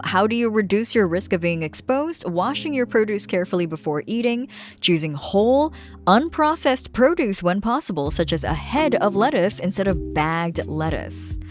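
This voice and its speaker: Woman streamer, playful and chatty, lively swooping pitch, music playing behind her. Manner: chatty and playful, reads aloud then jokes. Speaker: streamer and artist. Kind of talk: casual livestream chat while drawing. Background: background music.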